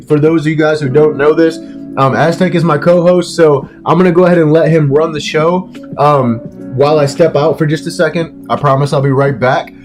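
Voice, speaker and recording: A man with a slightly high voice hosts a casual gaming podcast in a laid-back way, reading out chat and cursing now and then. Music plays clearly under his voice. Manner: laid-back, swears, reads chat aloud. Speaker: podcast host.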